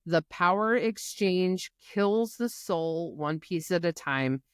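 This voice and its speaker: A woman with a fairly low voice recaps a novel for her co-host. She talks in casual, animated bursts and swears freely. The recording is dry and close. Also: takes it slowly, clear, resonant tone, dry recording. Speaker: podcast co-host. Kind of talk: casual book-club chat.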